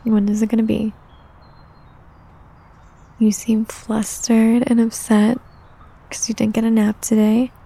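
Husky, creaky woman in whispered role-play. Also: a little high, completely flat delivery, measured pace, long pauses. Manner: soothing, coaxing caretaker talk, mostly soft and close.

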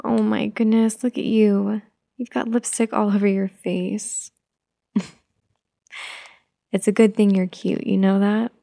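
Woman doing a gentle mommy roleplay, soft soothing voice with a bit of fry. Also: medium pitch, level tone, measured pace, long pauses, no echo. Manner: gentle, soothing, speaking to a toddler. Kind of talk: soft-spoken mommy role-play.

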